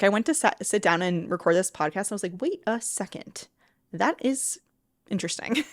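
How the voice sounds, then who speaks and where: A woman's voice: on the low side, no echo, clean studio sound. A woman, hosting her own podcast in a casual, heartfelt way, often laughing and swearing when she gets passionate. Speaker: podcast host and mindset coach. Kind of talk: casual solo podcast talk.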